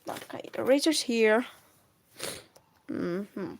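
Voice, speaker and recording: Woman streaming her comic drawing, kinda high voice, rambly, keeps coughing. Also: lively intonation, slow pace, vocal fry, a little hiss or hum. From Russia. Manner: rambling, self-correcting, frequent coughs. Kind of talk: casual live-stream chat while drawing.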